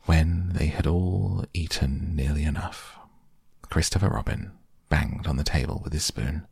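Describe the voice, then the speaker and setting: A man narrating a children's storybook aloud in a gentle, unhurried storytelling manner. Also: extremely low pitch, fairly even intonation, creaky, husky, no echo, studio quality.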